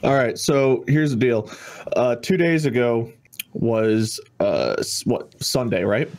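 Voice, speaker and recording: A man co-hosting a gaming podcast in casual chat, given to sardonic quick rants. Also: medium pitch, a little mellow. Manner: sardonic, quick ranting banter. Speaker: podcast co-host.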